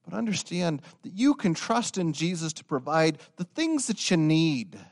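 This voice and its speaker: A young man preaching a sermon, telling stories and building to loud, emphatic insistence. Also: fairly high pitch, very animated, moderate pace. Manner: storytelling, swelling to emphatic raised-voice insistence.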